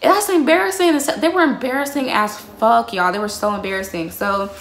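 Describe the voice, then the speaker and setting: A woman's voice: medium pitch, expressive, a little fast, fairly bright tone, a little hiss or hum. A young woman telling a heated, profanity-laced story to her viewers, calling them y'all. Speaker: vlogger. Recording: roomy echo.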